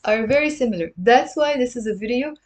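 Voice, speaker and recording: A woman teaching a live-streamed language lesson, patiently repeating words slowly for her learners. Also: on the high side, lively intonation. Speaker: Lebanese Arabic teacher. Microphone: livestream camera mic.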